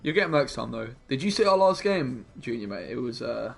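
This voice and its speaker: A man's voice: medium pitch, very animated, a little fast, creaky, soft background music. A young man streaming a card game, chatting casually with his viewers and muttering about his plays. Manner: chatty, laid-back, mumbles asides to himself.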